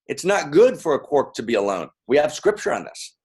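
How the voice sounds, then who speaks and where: A man's voice: on the high side, very animated, brisk, darkish tone, slightly rough. A man giving a playful, interactive talk to a live audience, calling out to them and repeating lines. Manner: playful, repetitive, calling out to the crowd. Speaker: speaker.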